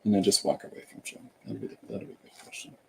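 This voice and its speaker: A man with a dark-toned voice speaks at a quick pace, with a little hiss or hum in the background. He's a podcast host and artist, casually joking and thinking aloud in a meandering way while he draws.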